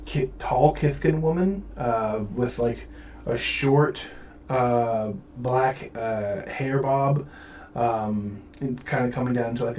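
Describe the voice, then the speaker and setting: Rambling game master, far from mic. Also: male voice, medium pitch, a little mellow, slight background noise. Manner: rambling, many fillers. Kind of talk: narrating a tabletop game. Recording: roomy audio from far off mic.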